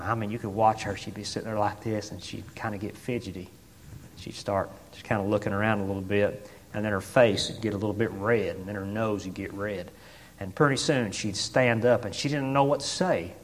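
Male preacher, animated folksy storyteller who drops to a hush then shouts; long church reverb. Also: medium pitch, fairly quick. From Tennessee. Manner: swings from hushed asides to shouted exclamations; folksy, many fillers like "I mean" and "boy".

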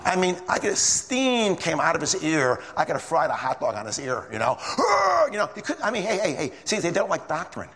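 A man's voice: on the high side, very animated, fairly quick, few pauses, fairly bright tone, in a large hall. A man preaching a sermon in a casual storytelling way, repeating phrases as he goes.

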